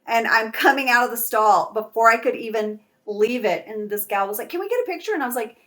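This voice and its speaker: A middle-aged woman and actress chatting as an interview guest, telling stories in a bubbly, animated way. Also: a little high, a little fast. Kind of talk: casual interview chat.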